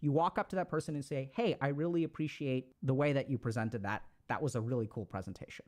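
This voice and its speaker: A man giving casual advice to an audience, talking in an animated, conversational way and acting out little quoted exchanges. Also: mid-range voice, fast talker. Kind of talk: casual motivational talk.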